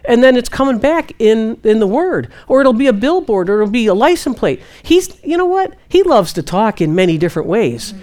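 A woman's voice: fairly quick, hardly any pauses. A woman giving casual Christian teaching, answering a question and acting out her own prayers. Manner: animated, quotes God in hushed low voice.

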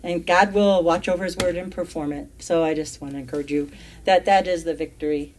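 A woman's voice: on the low side, fairly even intonation, a little fast, a little mellow, slight background noise. A woman leading a casual Bible study, reading verses aloud with emphasis and explaining them in everyday speech.

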